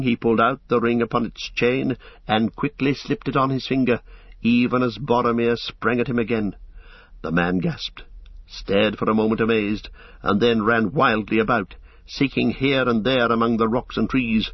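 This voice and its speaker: Give me a man narrating an audiobook with a husky voice, measured and even, in a dry booth. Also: medium pitch, no echo. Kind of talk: scripted narration. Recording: slightly dull lo-fi recording.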